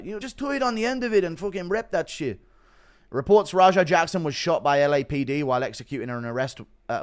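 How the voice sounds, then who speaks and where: Brit male streamer, lively up-and-down delivery, loose and profane, thanks donors between rants. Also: medium pitch. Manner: animated, swears casually, reads donations aloud. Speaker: livestreamer reading chat. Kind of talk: casual livestream chat.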